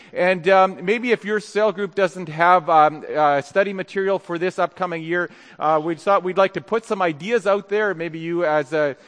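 A man preaching a sermon in a church, speaking haltingly with many fillers and restarts. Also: high voice, a bit bright. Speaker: pastor. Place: church sanctuary. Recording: long hall reverb.

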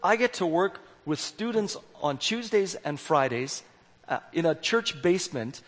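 Husky guy preaching, bit high voice, jokes on himself, long echo. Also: animated, measured pace, a bit bright. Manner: candid, self-deprecating, acts out dialogue. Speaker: youth worker preaching. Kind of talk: sermon with storytelling. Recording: long hall reverb.

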